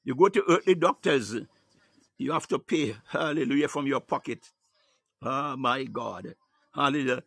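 A man's voice: medium pitch, moderate pace, gravelly, fairly bright tone, breathy edge, no room sound. A man preaching a sermon, filling his phrases with "hallelujah" and "ah, my God" and breaking into tongues.

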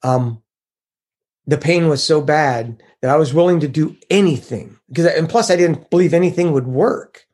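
A man's voice: a little high, moderate pace. A middle-aged man telling his recovery story in an earnest, confessional way, acting out what others said to him. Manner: earnest, confessional, quotes others in lively voices. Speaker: recovery group member sharing his story. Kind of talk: personal recovery testimony.

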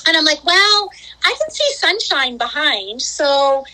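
A woman with a high, bright voice tells a long story as a podcast guest. She talks casually, with plenty of fillers and lively quotes of herself. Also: measured pace, poor audio. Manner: chatty, many fillers, acts out her own quotes.

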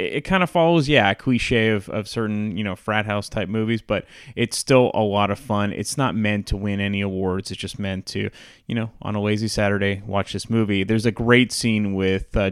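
A man talks through his favorite comedy movies in a loose, chatty countdown, with plenty of ums and you-knows. His voice is smooth and clear, and the recording is dry and close. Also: on the low side, no echo. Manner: relaxed and chatty, with frequent fillers. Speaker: host. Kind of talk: casual movie countdown review.

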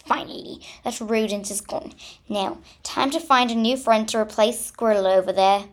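A woman voicing a selfish, scheming male rat in a storybook reading, with a smug, drawn-out sneer. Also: fairly high pitch, close to an everyday voice.

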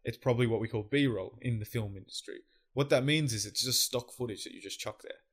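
A man's voice: medium pitch, brisk, a bit bright, husky. A young Australian man co-hosting a casual chat, swearing freely and explaining things at length. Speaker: podcast co-host.

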